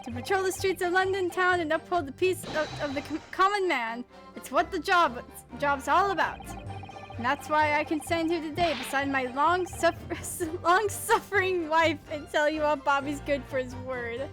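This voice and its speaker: A woman's voice: high-pitched, moderate pace, music in the background, close to an everyday voice. A woman voicing an earnest, flustered male police constable who talks in a pleading, eager way.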